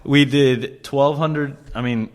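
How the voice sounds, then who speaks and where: A young man hosting a casual chat, telling animated stories and swearing often as he acts out quotes. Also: mid-range voice, takes it slowly. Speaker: podcast host, chef.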